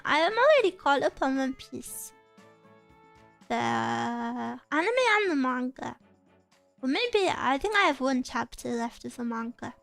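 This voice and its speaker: A woman's voice: sits high, creaky, a bit bright. A woman chatting casually on a livestream, answering viewer comments in a playful, giggly way with cutesy exclamations. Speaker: streamer.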